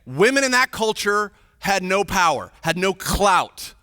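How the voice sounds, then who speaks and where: A man preaches from the pulpit in a lively storytelling sermon, slipping into the voices of the people he quotes. His voice is bright and forceful, sitting a bit high for a man. The sound rings out with a long reverb from a big church hall. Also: measured pace, clean tone, clean studio sound. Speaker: pastor.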